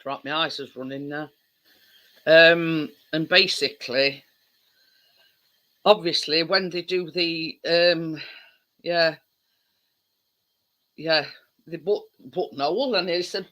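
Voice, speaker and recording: A woman's voice: low-pitched, fairly even intonation, takes it slowly, long pauses, fairly bright tone. A woman hosting a casual livestream, chatting with viewers in a rambling way with lots of fillers. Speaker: livestream host.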